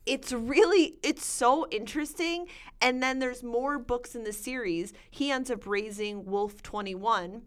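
A woman's voice: on the high side, measured pace. A woman co-hosting a casual chat, enthusiastically recommending books. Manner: enthusiastic, gushing. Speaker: podcast co-host.

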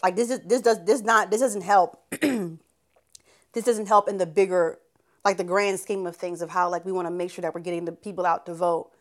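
A woman's voice: lowish voice, steady tone, brisk. A woman co-hosting a podcast, giving blunt, opinionated takes in slangy casual chat. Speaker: podcast co-host.

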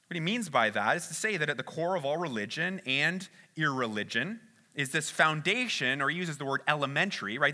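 A man's voice: a little high, sharp tone. A man preaching a conversational sermon, often checking in with "right?" and restarting phrases. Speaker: pastor.

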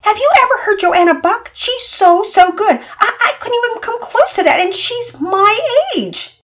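A woman's voice: animated, moderate pace, fairly bright tone. A woman voicing an anxious young girl who stammers and sounds close to tears. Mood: anxious, tearful. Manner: stammering, tearful and high.

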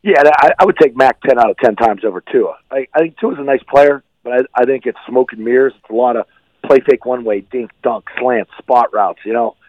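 A man speaking as a guest football analyst on a radio show, giving blunt and animated opinions over a remote line. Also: mid-range voice, brisk, no room sound. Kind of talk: casual sports radio chat. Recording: dull lo-fi line, dry.

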